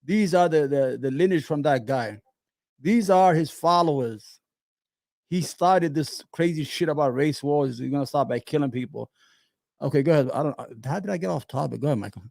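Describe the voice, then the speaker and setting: A man's voice: a little high, normal speed, creaky, no echo. Fired-up New man, dry close sound. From New York. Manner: animated, sarcastic, frequent restarts and stammers. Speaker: commentary host reacting to clips. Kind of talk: heated opinion commentary.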